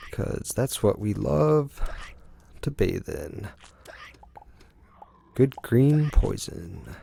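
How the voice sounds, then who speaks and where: A man's voice: medium pitch, gravelly, warm tone. A young man giving rambling let's-play commentary, musing aloud with lots of ums as he plays. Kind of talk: gaming commentary.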